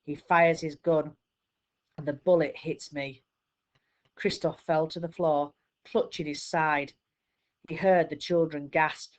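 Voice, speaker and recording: A woman teacher reading a children's book aloud in a steady storytelling manner. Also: low-pitched, takes it slowly, pauses often.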